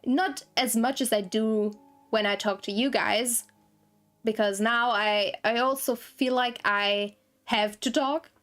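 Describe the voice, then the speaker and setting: High-voiced, unhurried rambling woman streamer. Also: fairly even intonation, fairly bright tone. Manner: rambling, giggly and self-conscious. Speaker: game streamer. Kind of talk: casual stream chat. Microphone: desktop streaming mic, no camera.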